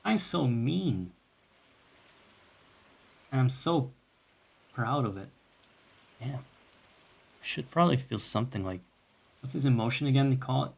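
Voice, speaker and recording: A man's voice: mid-range voice, lively intonation, moderate pace, creaky, pauses often, a little mellow. A man streaming a video game live, talking casually in a joking, profane, self-mocking way. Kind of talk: casual live gaming commentary.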